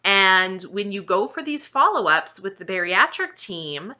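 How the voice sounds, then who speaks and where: A woman with a bright, forceful, mid-range voice speaks a little slowly, her pitch swinging widely. Talking to camera about her own weight-loss journey, she is earnest and encouraging, repeats points for emphasis, and sounds close to tears.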